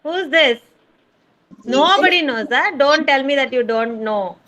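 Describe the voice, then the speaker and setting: Teacher lady on a video class, high bright voice, slow and patient with little kids. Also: muffled recording. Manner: slow, drawn-out sounding of letters, patient repetition. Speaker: kindergarten teacher. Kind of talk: online phonics lesson for young children. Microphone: video call.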